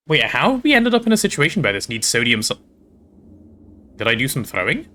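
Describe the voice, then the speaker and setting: A man chatting casually while playing on a game stream, talking to his chat and thinking out loud. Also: medium pitch, huge pitch swings, fairly quick.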